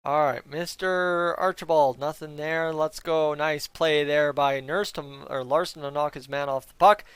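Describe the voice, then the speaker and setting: A man hosting a live fan reaction stream, excitable and chatty, sometimes counting down the clock in an auctioneer patter. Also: a little high, measured pace, clean tone, no echo.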